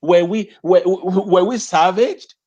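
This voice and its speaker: A man with a high-pitched, slightly mellow voice speaks slowly, and the highs in the recording are cut off. He's an educator appearing as an interview guest on a video call, talking passionately with repeated phrases and rhetorical questions.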